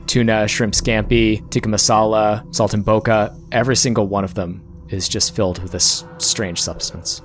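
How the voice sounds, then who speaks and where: A man running a tabletop game as game master, narrating scenes in a measured way with small pauses and restarts. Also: on the low side, fairly even intonation, soft background music.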